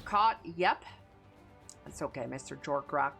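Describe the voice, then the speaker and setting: A woman's voice: deep voice, animated, a little slow, gravelly, a bit bright, faint music behind. A woman streamer with a Chicano English accent, chatting casually, blunt and profane.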